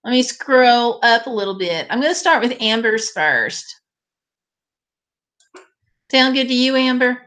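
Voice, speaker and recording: A woman's voice: on the high side, animated, a little slow, pauses often, a bit bright. A woman hosting a live stream, chatting casually and directly with her viewers.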